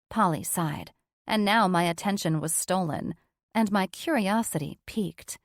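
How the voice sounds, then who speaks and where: A woman's voice: lowish voice, unhurried, dry recording. A woman reading a first-person audiobook in a frank, sardonic, unfiltered way, on a close studio mic. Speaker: audiobook narrator.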